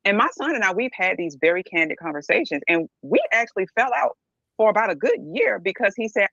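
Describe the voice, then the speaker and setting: A woman's voice: medium pitch, animated, quick pace, creaky, a bit bright, no echo, muffled recording. A middle-aged woman speaking bluntly and emphatically as a podcast guest, often checking in with "right?". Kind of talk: candid podcast discussion.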